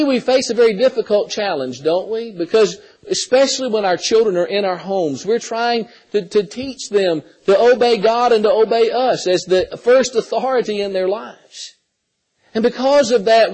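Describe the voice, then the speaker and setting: A middle-aged man delivers a sermon in an earnest preaching manner, with a notably high-pitched voice. He leans on rhetorical questions and slows right down to stress key words. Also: darkish tone, poor audio. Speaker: pastor.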